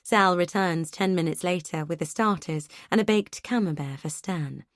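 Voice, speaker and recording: Woman audiobook narrator, measured reading, lowish voice, dry close sound. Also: no echo. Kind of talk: scripted narration.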